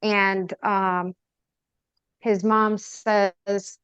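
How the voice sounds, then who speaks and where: A woman guest on a podcast giving an earnest, halting personal account and acting out the dialogue she remembers. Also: mid-range voice, steady tone, dry recording. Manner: earnest, halting, acts out quoted dialogue with rising urgency. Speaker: podcast guest recounting a tragedy.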